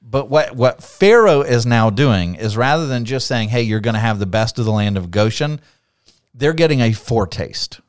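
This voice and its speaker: A man talks through a Bible passage in a relaxed conversational way, often slipping into quoted voices and restarting phrases. His pitch swings widely as he talks. The sound is dry and close. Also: normal speed, no room sound. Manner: animated, acts out quotes, repeats words. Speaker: podcast co-host. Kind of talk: casual Bible discussion.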